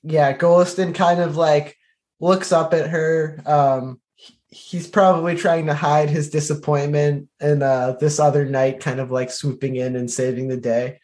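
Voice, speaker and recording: A man with a slightly high voice playing a character in a tabletop game. He talks in long, rambling runs, full of filler words and self-deprecating asides. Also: little pitch movement, a little slow, darkish tone. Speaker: player. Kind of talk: casual tabletop play chat.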